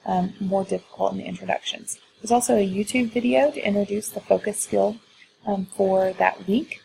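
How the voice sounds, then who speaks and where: A woman's voice: mid-range voice, normal speed, vocal fry, warm tone, a little hiss or hum, poor audio. A woman teacher walking through her lesson slides, explaining how she uses them, with frequent fillers. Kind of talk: screen-recorded teaching walkthrough.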